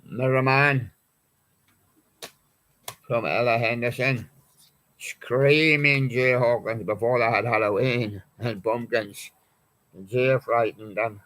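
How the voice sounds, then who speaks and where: A man's voice: medium pitch, fairly even intonation, slow pace, pauses often, a bit bright. A man hosting a live music show, chatting in a rambling way and reading out song titles from his records. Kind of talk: live-stream chat presenting records.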